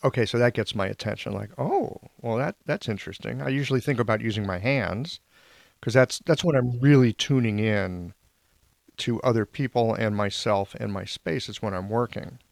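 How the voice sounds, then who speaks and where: A man with a gravelly, creaky voice hosts a casual conversation. He is wry and self-deprecating and asks probing questions. The recording is dry and close. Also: lowish voice, normal speed, no echo.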